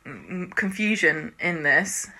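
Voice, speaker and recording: A woman's voice: lowish voice, bright, forceful tone. A woman co-hosting a podcast, chatting casually and acting out characters' lines as she recaps episodes. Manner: chatty, acts out characters' lines in quick impressions. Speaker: podcast co-host. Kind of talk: casual chat recapping a TV series.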